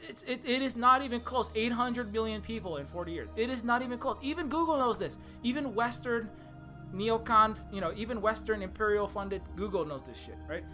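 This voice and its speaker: A man's voice: sits high, brisk, pushed and bright, soft background music. A man giving rambling, sarcastic satirical commentary as a video essayist. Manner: rambling, sarcastic, many fillers and restarts.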